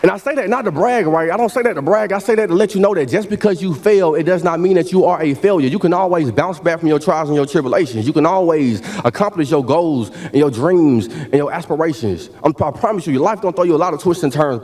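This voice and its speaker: A man's voice: on the high side, a little mellow. A man, giving a motivational keynote speech at a university ceremony in a preacherly call-and-response style. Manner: preacherly, repeats "y'all" often, call-and-response. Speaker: keynote speaker. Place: large hall at a university ceremony.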